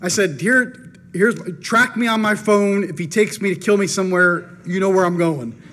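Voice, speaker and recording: A man preaching, telling a personal story in an animated first-person way and acting out his own thoughts. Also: high-pitched, moderate pace. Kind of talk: storytelling in a sermon.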